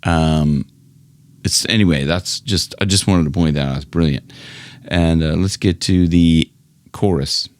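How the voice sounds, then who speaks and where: A man's voice: low voice, measured pace, slight background noise. A man working as a vocal coach, teaching a singing lesson in a friendly, explanatory way and laughing often.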